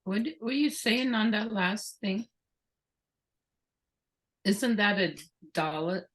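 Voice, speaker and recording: A woman's voice: mid-range voice, lively intonation, slow pace, a bit bright, low-quality recording. A woman student in a language lesson, thinking aloud hesitantly and asking questions. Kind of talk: tutoring session.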